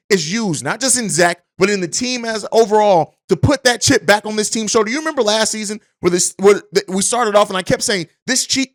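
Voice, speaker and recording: A man hosting a podcast, giving emphatic commentary and often repeating words as he restarts. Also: high voice. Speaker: podcast host.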